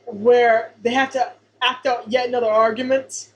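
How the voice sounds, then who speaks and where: A woman co-hosting a podcast in casual chat, quick to agree and laugh, with playful commentary. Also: on the high side, level tone, a little hiss or hum, poor audio. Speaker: podcast co-host. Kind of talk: casual chat reviewing a sitcom episode.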